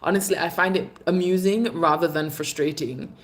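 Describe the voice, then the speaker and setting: A woman's voice: on the low side, fairly even intonation, moderate pace. A woman hosting a casual livestream, chatting candidly with viewers and calling them babe. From Jamaica. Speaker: livestream host. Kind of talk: casual live chat reading viewer comments.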